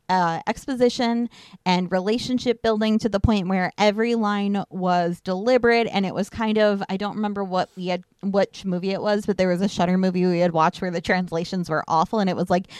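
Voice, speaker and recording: A woman's voice: medium pitch, clear, resonant tone, no echo, clean studio sound. A woman co-hosting a podcast, talking casually about a film, candid, laughing easily and swearing freely. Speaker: podcast co-host. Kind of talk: casual movie review chat.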